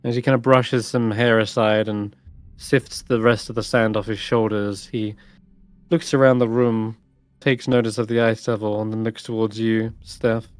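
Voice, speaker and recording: A man's voice: lowish voice, level tone, normal speed, dry recording. A man narrating as game master in a tabletop game, describing scenes in a hesitant way with many fillers.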